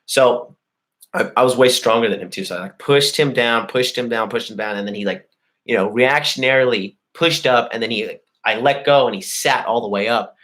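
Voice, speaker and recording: A man with a mid-pitched voice, casually telling a boastful, profanity-filled story to his viewers. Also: a little fast, a bit bright. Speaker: host. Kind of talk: casual storytelling to a live chat.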